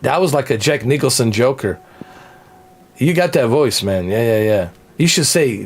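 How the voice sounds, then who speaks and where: A man's voice: mid-range voice, lively intonation, moderate pace. A man hosting a casual livestream chat who talks in a jokey, playful way. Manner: jokey, playful, slips into silly voices. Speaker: livestream host.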